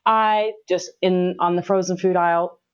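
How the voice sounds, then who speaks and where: A middle-aged woman, an interview guest, telling a personal story in an emphatic, animated way. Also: medium pitch, moderate pace. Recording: dull lo-fi audio.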